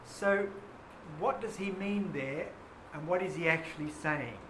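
A male English teacher leading a lively classroom lesson on a poem, questioning his students and reading verse slowly. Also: on the high side. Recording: echoey classroom with faint noise.

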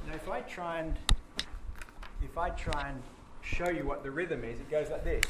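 A man's voice: fairly high pitch, normal speed. Man teaching in an echoey classroom. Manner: explains patiently, chants rhythms aloud. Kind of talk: classroom lecture. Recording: echoey classroom with background noise.

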